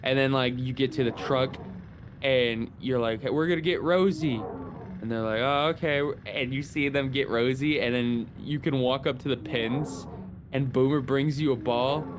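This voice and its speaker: A male streamer in casual chat, animated, swearing often and putting on voices as he retells a game. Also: mid-range voice, normal speed, background noise.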